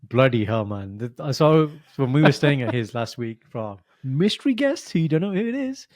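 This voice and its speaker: A man's voice: mid-range voice, big pitch swings, brisk, a little mellow, dry recording, studio quality. A man co-hosting a podcast in casual chat, teasing and joking while a little under the weather. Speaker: podcast co-host.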